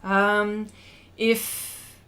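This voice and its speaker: A woman's voice: mid-range voice, flat delivery, extremely slow, sharp tone. A middle-aged Australian woman hosting an art livestream, chatting casually and laughing often while reading out viewer comments.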